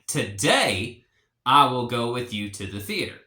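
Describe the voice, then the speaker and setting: Slow, bright-voiced man teaching casually. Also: medium pitch, echoey room. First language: English. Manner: relaxed, rambling, many fillers and restarts. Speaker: language teacher. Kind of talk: casual explanatory lesson.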